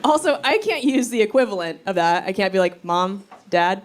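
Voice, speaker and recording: A woman's voice: mid-range voice, expressive, normal speed. A woman in her thirties doing a stand-up comedy set, telling stories with punchy timing, acting out quoted lines and laughing at her own jokes. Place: comedy club stage with live audience laughing. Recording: live club recording, audible room noise.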